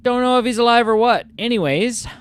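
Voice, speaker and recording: A man doing a put-on English accent as he reads out a letter from a rough-spoken man, halting and stumbling over words. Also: very high-pitched, voice pushed up. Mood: gruff.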